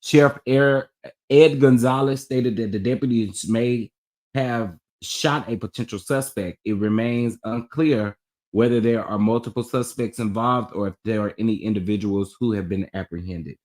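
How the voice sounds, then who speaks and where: On a casual gossip chat, the male host spins animated stories for his viewers, full of laughter and exclamations. He speaks at a moderate pace with a voice on the low side.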